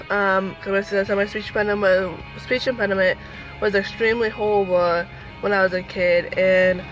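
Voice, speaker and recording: A woman in her thirties tells a personal story in a loose, chatty vlog style, packed with fillers. Her voice is bright and forceful, sitting at a middle pitch. Faint music plays in the background. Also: muffled recording. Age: 30s. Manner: chatty, animated, lots of fillers. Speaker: vlogger. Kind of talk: casual storytelling.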